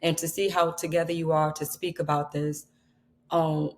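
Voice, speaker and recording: Woman, low pitch, flat delivery, sympathetic interviewer. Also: normal speed. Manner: sympathetic, affirming.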